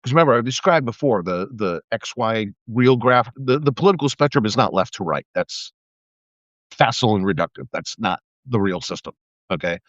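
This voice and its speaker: Expressive and lowish in pitch, a middle-aged man who was once a police officer hosts a live video, ranting about politics at a moderate pace with profanity, sarcasm, and mocking put-on voices. The phone or webcam recording is dull and dry, with no room sound.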